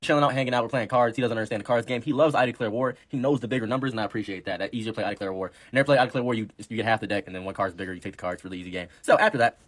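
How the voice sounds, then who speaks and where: A young man telling a rambling story, fast and excitable, with loud yelled bits. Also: on the low side, no room sound. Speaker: storyteller in a played clip. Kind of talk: rambling anecdote.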